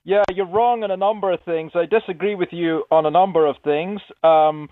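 A male caller from Scotland, polite and earnest, with a fairly high voice. He comes through a tinny phone line with a dry, close sound. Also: steady tone, normal speed, no room sound.

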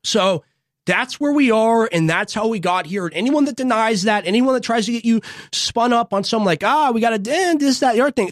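A young show host giving a fervent, preachy political monologue with rallying repeated lines and big swings in pitch and loudness, in a studio. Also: no room sound. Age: young adult.

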